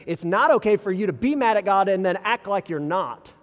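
Higher-voiced preacher echoing through a hall. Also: male voice, lively intonation, highs cut off. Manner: conversational preaching with rhetorical questions and quick restarts. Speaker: pastor. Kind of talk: sermon. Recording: long reverb in a large hall.

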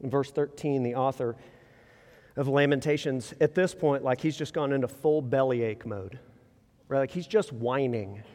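A man preaching a sermon in a casual, conversational way, full of rhetorical questions and quick restarts. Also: mid-range voice, darkish tone. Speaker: pastor. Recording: long reverb in a large hall.

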